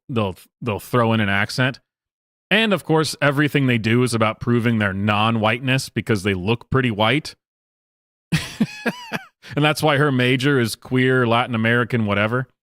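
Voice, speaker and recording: A man's voice: mid-range voice, moderate pace, a bit bright, no echo, clean studio sound. A man hosting a casual live-stream, talking in a rambling, mocking way with lots of fillers and laughs. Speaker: streamer host.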